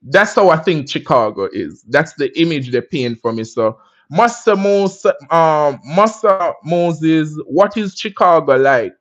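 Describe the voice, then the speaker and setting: A man's voice: fairly high pitch, animated, a little slow, dull audio. A Jamaican man hosting a casual livestream, talking in a laid-back, chatty way and often asking "you understand me?". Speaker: livestream host.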